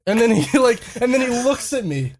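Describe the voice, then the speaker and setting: Young podcast co-host telling a profane anecdote, laughing as they go, middle pitch. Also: big pitch swings, moderate pace, a little mellow. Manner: profane, laughs through the story. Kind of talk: casual storytelling.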